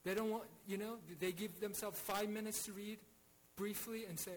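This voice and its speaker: A man's voice: high voice, steady tone, moderate pace, a little hiss or hum, rough recording. A man teaching a Bible study in an earnest way, with frequent restarts and rhetorical questions.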